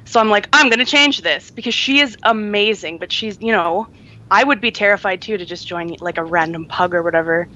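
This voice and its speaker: A woman's voice: medium pitch, fairly quick, bright, forceful tone, muffled recording. A woman co-hosting a podcast in casual chat, chatty and laughing often, with many ums. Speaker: podcast co-host.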